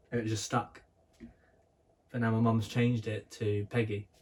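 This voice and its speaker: A man's voice: lowish voice, level tone, moderate pace, pauses often, a little mellow, far from the mic. A young man co-hosting a casual podcast, telling stories in a rambling way with lots of fillers and restarts. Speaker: podcast co-host. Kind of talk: casual chat.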